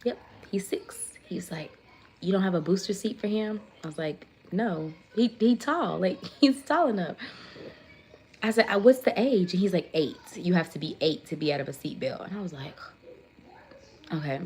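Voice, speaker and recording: A woman tells a long story on a casual livestream, talking into her phone. Her voice sits on the low side and she keeps the retelling animated and chatty. She stops now and then to thank viewers by name. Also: normal speed, a little hiss or hum. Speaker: livestream host.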